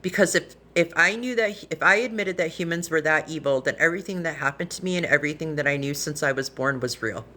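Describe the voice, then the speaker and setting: A woman's voice: low-pitched, quick pace, few pauses, bright, forceful tone. A woman speaking earnestly and emotionally on a live stream from her phone, rambling with restarts and close to tears. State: tearful, emotional. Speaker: livestreamer.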